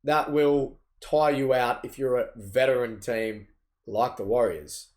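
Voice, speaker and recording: A man's voice: mid-range voice, a little slow, a little mellow. Young man, casual podcast chat, opinionated, swearing. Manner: chatty, opinionated, swears freely. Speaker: podcast co-host. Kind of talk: casual chat about basketball.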